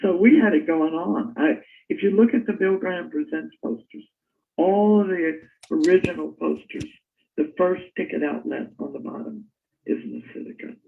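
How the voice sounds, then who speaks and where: An older woman telling stories in a casual interview, animated and laughing as she recalls. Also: on the low side, moderate pace, vocal fry. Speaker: interview guest. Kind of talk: casual storytelling. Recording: tinny phone-like line.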